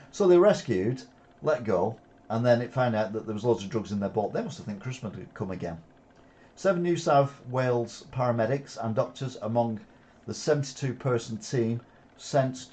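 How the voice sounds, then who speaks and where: A man reads news headlines and adds sarcastic, opinionated comments, pausing often with "uh". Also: fairly low pitch, mellow. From England. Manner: sarcastic asides, frequent "uh" hesitations.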